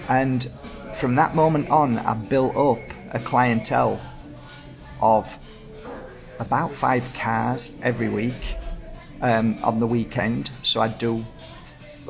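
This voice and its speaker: A man's voice: mid-range voice, gravelly. A man in his fifties with a Yorkshire accent, casually rambling through anecdotes full of reported speech. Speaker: host. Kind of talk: casual storytelling chat.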